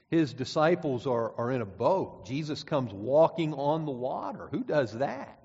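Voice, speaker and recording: A man's voice: on the high side, sing-song, measured pace, hardly any pauses, darkish tone, breathy edge. A man preaching a sermon in a conversational way, often repeating words and reading scripture aloud. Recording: dull sound with long hall reverb.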